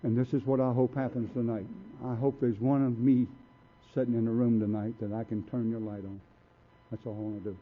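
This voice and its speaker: Older man, blunt folksy storyteller, recovery talk, tinny lo-fi tape, mid pitch. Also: level tone, a little fast, breathy edge. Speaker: recovery meeting speaker. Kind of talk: personal recovery testimony. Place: meeting room.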